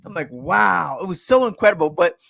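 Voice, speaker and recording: A man guest on a business show, talking with lively energy and frequent restarts. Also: a little high, moderate pace. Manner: energetic, warm storytelling with restarts. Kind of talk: casual interview talk.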